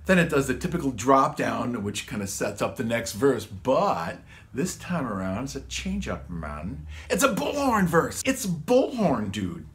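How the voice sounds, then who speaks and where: In a sing-song, mid-range voice at a measured pace, a songwriter-guitarist rambles casually through how he recorded his vocals at home. He throws around slang such as "man" and "dude."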